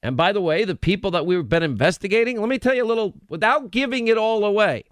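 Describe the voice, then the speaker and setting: A middle-aged man with a New York accent hosting a talk radio show, emphatic and quick, often breaking off mid-sentence. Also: sits high, expressive, clear, resonant tone, dry recording. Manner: emphatic, rapid, self-interrupting.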